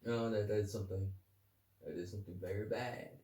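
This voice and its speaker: A man's voice: lowish voice, fairly even intonation, fairly quick, dark tone. Rambling man podcasting in an echoey room. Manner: rambling, crude, joking, reads definitions aloud. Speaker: podcast host. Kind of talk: casual solo podcast talk. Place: home room, early morning. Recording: echoey room with faint ambient noise.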